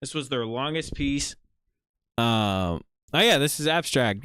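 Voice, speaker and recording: Casual male stream host, smooth voice, dry close mic, loose and chatty. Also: mid-range voice, a little slow, no echo. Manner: relaxed, rambling with many fillers. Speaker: livestream host. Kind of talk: casual livestream chat showcasing viewer art.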